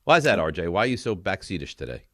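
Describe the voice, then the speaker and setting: Man, sports radio host, sarcastic, grumpy, bright voice, very lively pitch, dry studio sound. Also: very fast, dry recording. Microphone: studio mic.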